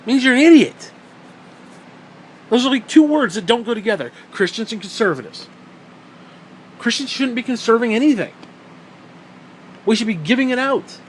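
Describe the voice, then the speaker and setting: A man's voice: very high-pitched, slight background noise, rough recording. A man giving a heated, profane commentary rant on video, blunt and repeating his points for emphasis. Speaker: vlogger.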